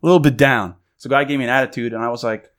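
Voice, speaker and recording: A man from New York co-hosts the podcast in a mid-pitched, everyday voice. He tells his anecdotes in a relaxed, chatty way. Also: racing. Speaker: podcast co-host. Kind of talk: casual chat.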